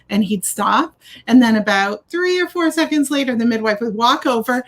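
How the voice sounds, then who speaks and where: A woman's voice: fairly high pitch, moderate pace. A middle-aged woman doula telling a birth story in casual chat, acting out the voices of the people in it. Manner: animated storyteller, acts out quoted voices.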